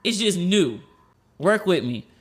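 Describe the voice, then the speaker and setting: A woman hosting a solo podcast, telling stories in a chatty, animated way and acting out the people she quotes. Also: lowish voice, takes it slowly. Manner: chatty, animated, swears, acts out quoted dialogue. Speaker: podcast host.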